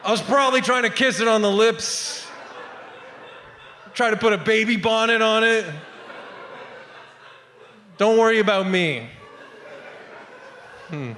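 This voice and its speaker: A man in his thirties doing a stand-up set on a theatre stage. His voice is high for a man and his delivery rambles, dropping asides to the audience. The sound carries a long, reverberant hall tail. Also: a little slow, long pauses, pushed and bright, a little hiss or hum. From Canada. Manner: rambling, with trailing asides to the crowd. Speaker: stand-up comedian.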